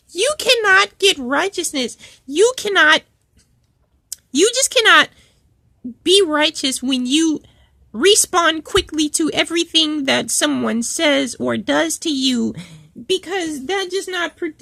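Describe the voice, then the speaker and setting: A woman's voice: high-pitched, creaky, sharp tone, no room sound, clean studio sound, exaggerated voice. A woman voicing an indignant, preachy female cow office worker in a storytime vlog, rambling with many fillers and restarts. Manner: preachy, quotes Bible verses. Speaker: channel host.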